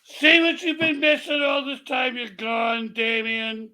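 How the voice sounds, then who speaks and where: A man's voice: very high-pitched, unhurried, pushed and bright, clean tone. A man co-hosting a podcast in casual chat, chiming in with jokes. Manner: joking, chiming in. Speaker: podcast co-host.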